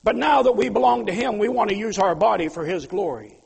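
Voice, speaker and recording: A man preaching a sermon as a pastor, swinging between loud pleas and quiet asides. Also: sits high, fairly quick, gravelly, husky. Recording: long hall reverb.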